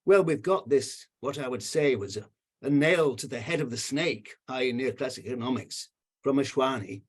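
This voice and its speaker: A man's voice: medium pitch, normal speed, husky. An older man on a video call giving emotional, indignant remarks with emphatic repetition. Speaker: panel commenter.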